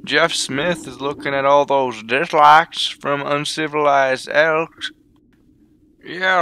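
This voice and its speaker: A man's voice: a little high, pushed and bright, a little hiss or hum. A man giving a sarcastic, profane comedic commentary as a video essayist. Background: music.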